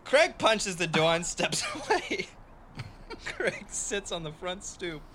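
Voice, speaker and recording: A man's voice: high voice, big pitch swings, slow pace, pushed and bright. A man co-hosting a comedy podcast, narrating an improv scene with a joking manner. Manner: joking, laughing. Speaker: podcast co-host. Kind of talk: casual chat and scene narration.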